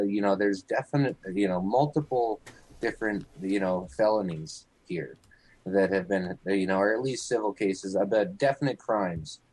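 A man's voice: fairly low pitch, darkish tone, breathy edge, rough recording. A man in casual chat, rambling with lots of fillers and frequent swearing.

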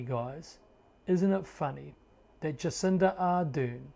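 A man's voice: fairly high pitch, creaky, a little mellow. Indignant New Zealand man ranting. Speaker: political commentator. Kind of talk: opinionated video commentary.

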